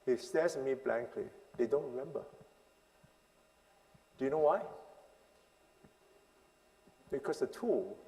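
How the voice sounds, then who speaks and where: A man teaching a parenting seminar as a sermon, emphatic, asking the crowd rhetorical questions and swinging between loud and hushed lines. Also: mid-range voice, animated, takes it slowly, pauses often. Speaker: pastor leading a parenting seminar. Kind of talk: sermon-style teaching to a congregation. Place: church hall. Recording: long hall reverb.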